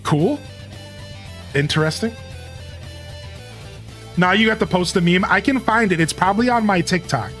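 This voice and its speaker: Chatty streamer telling a story, middle voice, soft music in the back. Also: mid-range voice, expressive, moderate pace, pauses often. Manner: chatty, loose, greets chat by name. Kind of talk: casual live-stream chat and storytelling.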